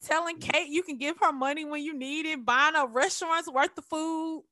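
A woman casually recapping a TV episode, animated and acting out the characters' lines as she tells it. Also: high-pitched, normal speed. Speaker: TV recap podcast co-host.

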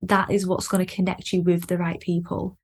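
A woman's voice: fairly low pitch, monotone, moderate pace, darkish tone. A woman hosting a podcast, talking in a chatty way with lots of fillers and easy laughter. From Lancashire, England. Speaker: podcast host. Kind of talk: casual podcast chat.

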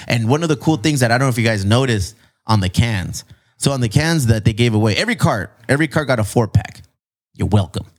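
A man's voice: medium pitch, lively intonation, fast talker. A man, co-hosting a casual podcast in a laid-back, slangy, profane way. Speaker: podcast co-host. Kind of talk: casual chat.

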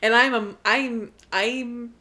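A woman's voice: a little high, steady tone, takes it slowly, bright, forceful tone. A young woman co-hosting a podcast in casual chat, gushing and swearing freely as she talks. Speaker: podcast co-host.

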